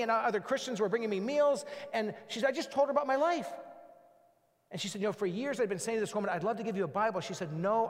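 A man's voice: high-pitched, long reverb tail. A man preaching a sermon in a conversational way, acting out what people say in short quoted exchanges. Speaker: pastor.

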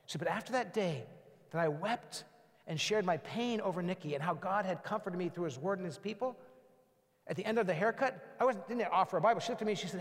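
Pastor, male, light high voice, friendly conversational preaching style, reverberant hall sound. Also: quick pace. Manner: conversational preaching with acted-out quotes. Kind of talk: sermon.

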